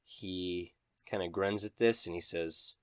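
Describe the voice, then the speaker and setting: A man's voice: sits low, fairly even intonation, takes it slowly, smooth, no echo, clean studio sound. A man narrating a tabletop game as game master, with descriptive, dramatic narration.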